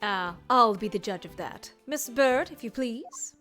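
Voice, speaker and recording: A woman's voice: a little high, animated, a little slow, a bit bright, faint music behind. A woman voicing a posh, haughty male prosecutor in a fan dub of a game, with a cool, formal delivery.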